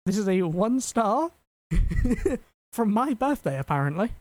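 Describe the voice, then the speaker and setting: A man's voice: high-pitched, very animated, measured pace, a little mellow. A young man, co-hosting a casual comedy podcast with a sarcastic, mocking manner. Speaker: podcast co-host.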